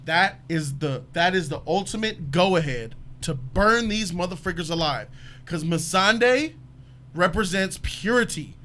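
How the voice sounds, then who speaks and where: A man hosting a casual panel talk show about a TV episode, talking in an emphatic, animated way. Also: sits high, unhurried. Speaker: show host.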